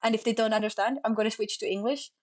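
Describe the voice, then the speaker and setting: A young woman from Finland with a Finnish accent, chatting casually on stream, talking fast and sloppily and stumbling over her words. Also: a little high, fairly even intonation, a little mellow. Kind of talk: casual chat.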